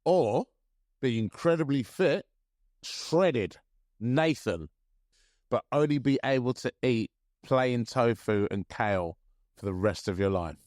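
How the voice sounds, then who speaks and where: A man in his thirties co-hosting a podcast in casual chat, chatty and quick to laugh. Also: medium pitch, animated, a little mellow, no echo, studio quality. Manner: chatty, laughs often, restarts sentences. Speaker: podcast co-host.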